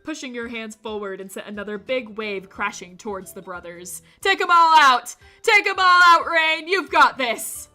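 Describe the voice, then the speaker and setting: A woman streamer reading a visual novel aloud, breaking off for animated, jokey commentary. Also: a little high. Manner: animated, jokey asides with laughter.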